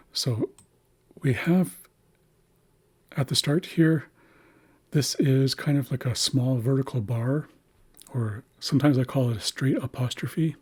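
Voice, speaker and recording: A man narrating a screen-share lesson, carefully explaining writing systems and slowly sounding out example words. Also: mid-range voice, breathy edge. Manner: careful, slow spelling-out of words. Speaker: language teacher.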